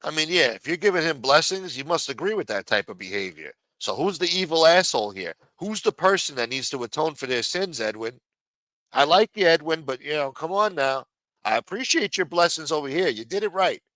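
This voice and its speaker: A man's voice: a little high, big pitch swings, fairly quick, pushed and bright, dry recording, poor audio. A man on a livestream ranting angrily and scolding a viewer, with lots of profanity. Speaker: livestream co-host. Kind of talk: heated livestream rant.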